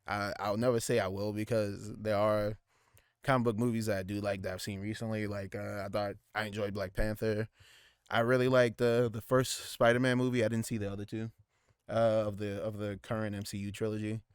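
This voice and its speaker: A man's voice: lowish voice, little pitch movement, fairly quick, clear, resonant tone, no room sound, clean studio sound. A man co-hosting a casual podcast, rambling with lots of restarts and fillers. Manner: rambling, many restarts and fillers, slips into goofy put-on voices. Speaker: podcast co-host. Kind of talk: casual chat.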